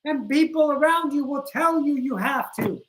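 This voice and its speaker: A woman's voice: sits high, normal speed, low-quality recording. A woman hosting a spiritual teaching livestream, talking to her viewers bluntly, swearing freely and driving points home with insistent repetition. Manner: blunt, profane, preachy.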